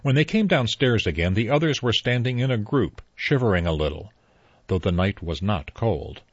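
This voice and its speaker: A man narrating a mystery novel in a measured storytelling manner, on a dull lo-fi recording. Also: lowish voice, expressive, breathy edge, no room sound. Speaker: audiobook narrator. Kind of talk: scripted narration.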